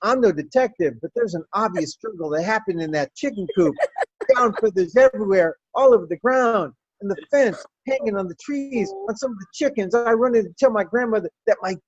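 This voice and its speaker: A woman telling a personal story in an animated, wry and profane way. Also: mid-range voice, fairly quick, slightly rough, dry recording, muffled recording.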